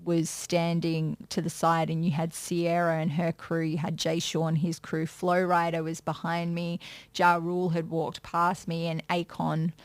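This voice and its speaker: A woman chats as an interview guest, spinning backstage stories and slipping into bright put-on voices for quotes. Her voice sits on the low side, and the sound is dry and close. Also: measured pace, dry recording. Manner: chatty storyteller, acts out quotes with lively voices. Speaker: music and pop culture presenter, guest. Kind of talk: casual interview chat.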